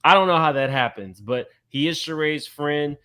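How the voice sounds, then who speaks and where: A man hosting a casual reality-TV gossip commentary, chatty and quick to laugh, talking straight to his viewers. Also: a little high, expressive, pushed and bright, smooth. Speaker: commentary channel host.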